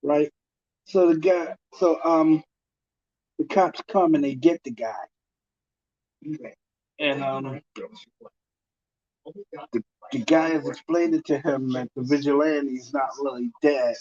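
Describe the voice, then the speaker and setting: A man's voice: on the high side, steady tone, slow pace, pauses often, darkish tone. A man casually telling a long story, rambling and repeating himself, with many fillers. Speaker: TV talk guest telling a story. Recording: muffled lo-fi sound.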